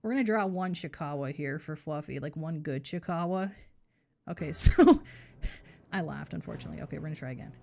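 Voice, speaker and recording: Woman game streamer, lower-pitched, playful mock-boastful banter over quiet music. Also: creaky. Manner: joking, rambling, mock-boastful. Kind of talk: casual live game commentary.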